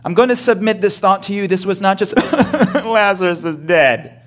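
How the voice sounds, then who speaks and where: A man's voice: high-pitched, normal speed, a bit bright. A male pastor preaching a sermon, asking the congregation rhetorical questions and acting out short dialogue scenes with humor.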